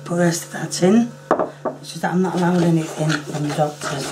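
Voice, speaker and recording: A woman with a hoarse, fading voice talks a home cooking demonstration through in a casual way. She often stops to clear her throat and apologise. Her voice sits fairly low, and a faint background hiss runs under it. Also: steady tone, a little fast.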